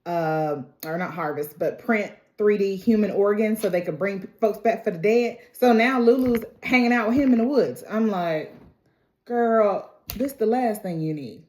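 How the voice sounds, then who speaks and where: A woman's voice: medium pitch, normal speed, a little mellow. Chatty woman recapping a show. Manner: chatty, acts out quotes, says y'all. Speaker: TV review vlogger. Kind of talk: casual recap chat. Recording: echoey room.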